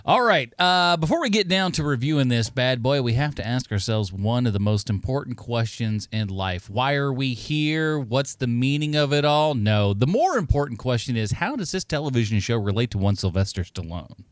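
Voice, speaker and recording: Brief: male co-host, wry and teasing, lively pitch, dry close sound. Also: moderate pace, hardly any pauses, dry recording. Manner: wry, teasing, lays on a mock announcer voice. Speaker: podcast co-host. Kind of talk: casual chat.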